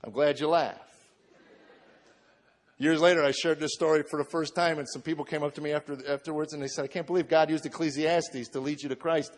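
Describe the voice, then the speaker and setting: This forties-aged comedian's voice sits on the high side, holds a steady tone, and runs a little fast. In earnest testimony before a live crowd, he recounts a heartfelt personal story and voices the lines others spoke to him. A long reverb from the hall trails his words.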